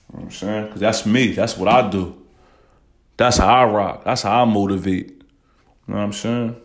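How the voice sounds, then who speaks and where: A man with a fairly low voice hosts a casual podcast rant. He talks bluntly and emotionally, swears constantly, and keeps checking in with "you know what I'm saying.". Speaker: podcast host.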